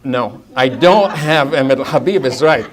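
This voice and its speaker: A man's voice: mid-range voice, moderate pace, crowd noise. A middle-aged man from Lebanon, telling a humorous story at a conference and acting out both sides of the dialogue. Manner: animated, acts out both sides of dialogues, laughs often. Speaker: speaker at a conference. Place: conference hall.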